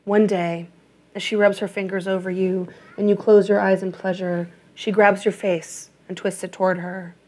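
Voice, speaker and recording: A woman reading an audiobook in a measured, even narration. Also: medium pitch.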